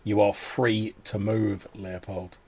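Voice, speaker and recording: A man with a low, husky voice narrating a tabletop game as its game master. His narration is loose and casual, full of fillers. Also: level tone, slow pace, dark tone.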